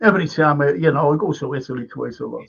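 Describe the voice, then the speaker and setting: A man hosts a casual livestream chat, his voice sitting a little high. He rambles through anecdotes, restarting sentences as he goes. The stream audio is dull and lo-fi. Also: fast, gravelly, noisy background. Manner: rambling storyteller with many restarts and laughs. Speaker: livestream host.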